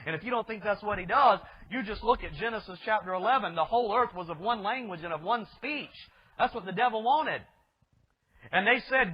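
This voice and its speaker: A man's voice: high-pitched, lively intonation, fairly quick, slightly rough. A male pastor preaching a sermon with emphatic delivery, asking rhetorical questions of his listeners. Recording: dull lo-fi recording.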